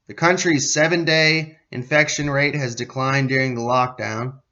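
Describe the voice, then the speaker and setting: A man's voice: on the high side, moderate pace, few pauses, pushed and bright, muffled recording. An American man hosting a podcast, reading a news article aloud and breaking off into sarcastic, profane commentary, sometimes losing his place. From United States. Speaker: podcast host.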